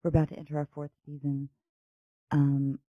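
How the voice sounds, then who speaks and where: A woman's voice: deep voice, level tone, moderate pace, dry recording, narrow, tinny audio. A woman hosting a podcast, chatting casually and playfully with a guest, laughing often. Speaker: podcast host. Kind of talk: casual chat.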